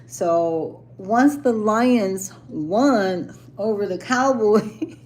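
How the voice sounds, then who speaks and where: A woman's voice: medium pitch, extremely slow, darkish tone. Playful chatty woman, laughing often. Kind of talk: casual chat.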